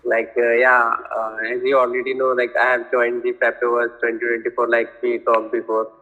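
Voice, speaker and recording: A man's voice: mid-range voice, monotone, brisk, pushed and bright, highs cut off. A man, talking casually on a video call as an interview guest, hesitant and full of fillers. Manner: hesitant, many fillers and restarts. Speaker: interview guest, software developer.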